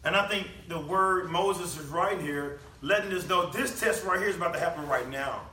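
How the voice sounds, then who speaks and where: A high-voiced man preaches a conversational sermon, leaning on rhetorical questions. His tone is bright and ringing. He sounds set back from the mic in an echoey room with faint background hum. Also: moderate pace, distant mic. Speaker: pastor.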